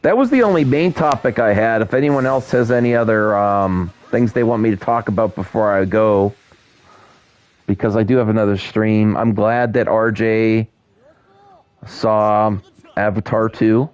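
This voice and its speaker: A man's voice: fairly low pitch, moderate pace, a little mellow. A man chatting casually on a live stream while he plays a game, rambling with many restarts and talking to his viewers, on a headset mic.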